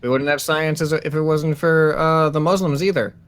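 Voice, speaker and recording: A man's voice: on the high side, steady tone, moderate pace, fairly bright tone, clear, resonant tone. A man in a casual chat, making dry jokes and laughing at his own quips.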